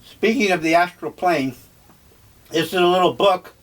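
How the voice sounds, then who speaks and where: An older man talking over breakfast in a slow, musing, rambling monologue. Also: high voice. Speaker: vlogger.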